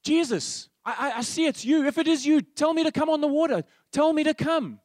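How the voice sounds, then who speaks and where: A man's voice: very high voice, brisk, no room sound, clean studio sound, voice pushed up. A man doing an eager, bold fisherman disciple. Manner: excited, urgent pleading.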